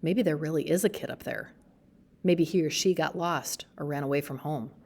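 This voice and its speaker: Woman reading as a scared, hushed teenage girl. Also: sits low, moderate pace. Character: frightened teenage girl in a new house.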